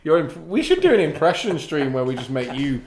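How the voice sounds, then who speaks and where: A man's voice: a little high, wildly swooping pitch, a little fast. Chatty Irish-born man in a roomy room. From Ireland. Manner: chatty, reads viewer comments aloud, laughs easily. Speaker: co-host of a live hobby stream. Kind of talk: casual live-stream chat. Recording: roomy with faint background noise.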